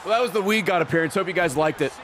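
Male streamer, high voice, hyped, swearing play-by-play, background noise. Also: racing, crowd noise. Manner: excitable, swearing play-by-play with bursts of laughter. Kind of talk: live-stream gameplay commentary.

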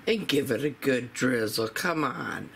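A home cook talks viewers through a recipe in a relaxed, chatty way from a home kitchen. The voice is slow and gravelly. It is picked up by the camera's own mic, with clear background noise. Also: medium pitch, poor audio. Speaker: home cooking vlogger. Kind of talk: casual recipe demonstration.

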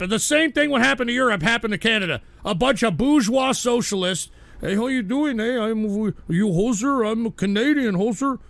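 A high, gravelly man rants as the host of a live radio stream. His voice is bright and cutting, and it goes off into abrasive shouts. The sound is dry and close. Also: dry recording. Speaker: livestream radio show host. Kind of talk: profane on-air rant reading chat.

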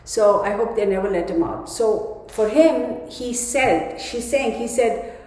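A woman's voice: on the high side, measured pace, a little mellow. A woman giving a tarot reading to her viewers in a rambling, emphatic casual monologue. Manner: rambling, emphatic, with many restarts. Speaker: tarot reader. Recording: echoey room with long reverb.

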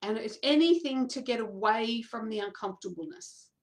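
A woman, a coach telling a personal story to an audience in an animated way, acting out quoted voices and laughing often. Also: fairly high pitch, moderate pace.

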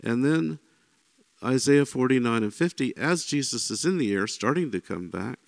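A man's voice: mid-range voice, moderate pace, creaky, no room sound. A man giving an informal Bible teaching, talking conversationally and often checking in with the listener. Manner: conversational, often checks in with "right?" and "you know"; animated when voicing quoted speakers.

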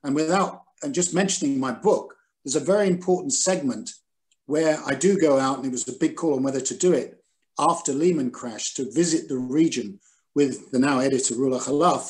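An older man, a former newspaper editor, giving measured, analytical answers in an interview over a video call, with frequent ums and restarts. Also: medium pitch, a little mellow.

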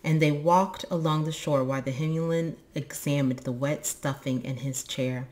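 A woman reading a children's book aloud in an expressive, lively way. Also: low voice, moderate pace. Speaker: storybook reader.

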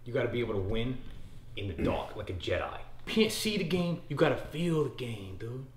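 A young man hosting a comedy sketch, brash and rambling, breaking into loud yells. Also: medium pitch, sing-song, a little fast. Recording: echoey room.

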